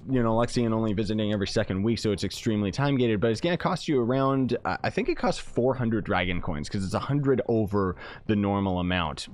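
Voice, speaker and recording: Man, gaming youtuber, casual commentary, rambling, jokey, mid pitch. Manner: playful, rambling, jokey, self-mocking.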